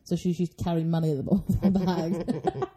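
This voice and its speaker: A woman's voice: on the low side, lively intonation, fast, dark tone, slight background noise. A woman in her twenties, co-hosting a podcast and telling stories in casual chat, laughing often and acting out quotes. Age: 20s. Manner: giggly storytelling, acts out quotes. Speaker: podcast co-host.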